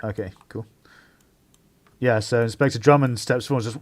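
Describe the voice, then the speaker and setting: A man narrating as game master in a tabletop game, relaxed and full of hesitations. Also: medium pitch, normal speed, long pauses. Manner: casual, relaxed, with frequent hesitations.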